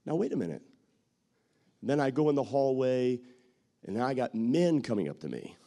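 A middle-aged man, a pastor, preaching a sermon with strong feeling, jumping from loud calls to soft, quiet words and acting out what others say. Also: medium pitch, animated, normal speed. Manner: emotive preaching with acted-out quotes, swings from loud to soft.

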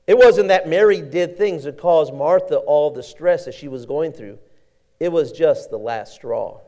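A man preaching a sermon in an animated, conversational way, often repeating words as he goes. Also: on the high side, a little slow.

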